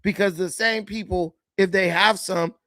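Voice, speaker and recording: A high-voiced man hosting a casual political commentary show, mocking and laughing, slangy and repetitive. His voice is close and dry, without any room sound. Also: steady tone, normal speed, a bit bright, no room sound. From United States.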